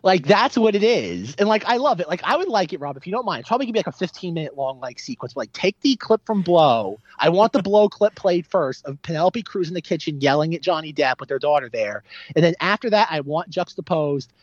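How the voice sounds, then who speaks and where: A man co-hosting a podcast, ranting rapidly and animatedly about films with a constant stream of "like". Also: fairly high pitch, big pitch swings, no echo, highs cut off. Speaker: podcast co-host. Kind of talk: casual film chat.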